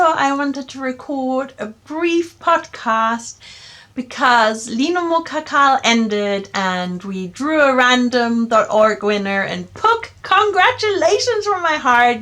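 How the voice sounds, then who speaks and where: A woman hosting a casual crafting podcast from home, with a croaky voice from a sore throat, chatty and self-deprecating, laughing often. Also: high-pitched, a bit bright. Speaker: podcast host. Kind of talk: casual knitting podcast chat. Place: home, table with projects, cats around.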